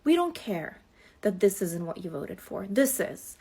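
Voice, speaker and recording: Slow, husky woman lecturing. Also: mid-range voice, very animated, darkish tone. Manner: lecturing, deliberate. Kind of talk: to-camera social media rant.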